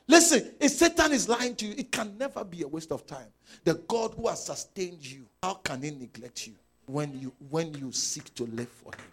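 A male pastor preaching a sermon, emphatic and repeating key lines, swinging between shouted peaks and low murmurs. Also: very animated, moderate pace, breathy edge.

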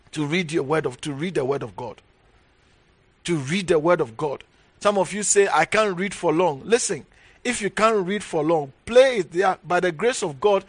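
A man's voice: high voice, a bit bright, no room sound. A man preaching a sermon as a bishop, emphatic and repetitive, calling out hallelujah between points. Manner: emphatic, repeats key phrases, frequent hallelujahs.

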